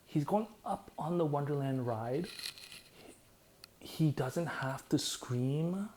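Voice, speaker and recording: Excitable man breaking down lyrics. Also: fairly high pitch, slow pace, slight background noise. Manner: excitable, laughs often, keeps breaking into quoted lines. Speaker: comedic lyric breakdown host. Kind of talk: casual comedic commentary.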